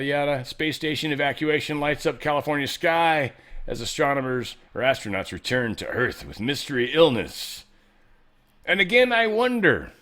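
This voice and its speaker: A man's voice: fairly high pitch, fairly bright tone. A man hosting a show, giving a casual news commentary monologue in an irreverent, joking and often profane way. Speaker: show host.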